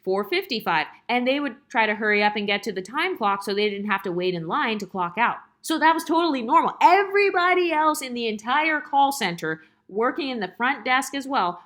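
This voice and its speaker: A woman's voice: medium pitch, moderate pace, fairly bright tone. A woman telling a casual storytime, exasperated and sarcastic, firing off rhetorical questions with salty, profane language. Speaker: storytime vlogger.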